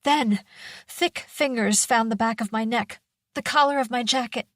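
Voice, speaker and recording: A woman reading a first-person mystery thriller audiobook in a measured, tense manner. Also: on the high side, no room sound, clean studio sound. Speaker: audiobook narrator.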